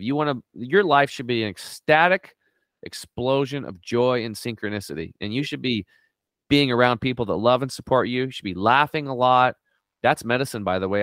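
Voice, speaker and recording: Middle-aged guy on a health talk show, smooth clear voice, dry close mic, acts out every quote. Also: a little fast, dry recording. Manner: animated storyteller, acts out quotes with big pitch jumps. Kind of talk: energetic conversational interview.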